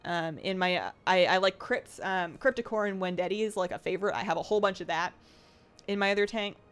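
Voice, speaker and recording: A woman's voice: mid-range voice, brisk, clean tone, faint music behind. A young woman hosting a casual livestream from her apartment, chatting with viewers in a rambling, self-deprecating way full of fillers and restarts. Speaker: livestream host. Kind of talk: casual chat reading viewer comments. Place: home apartment.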